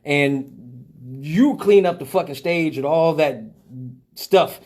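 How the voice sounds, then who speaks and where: A man hosting a live show, telling a profane story in a casual, animated way and laughing often. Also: a little high, takes it slowly. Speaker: host of a live call-in show.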